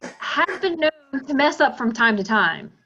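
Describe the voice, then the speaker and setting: A woman's voice: high-pitched, very animated, a little slow, bright, forceful tone, highs cut off, a little hiss or hum, heavily acted. A woman reading the part of a smug banker who sells bonds, speaking in a breezy, dismissive way over a video call.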